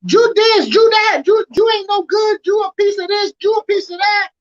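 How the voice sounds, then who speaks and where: A woman's voice: extremely high pitch, normal speed, muffled recording, voice pushed up. Woman doing a blustering army first sergeant. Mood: yelling. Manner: scolding, yelling.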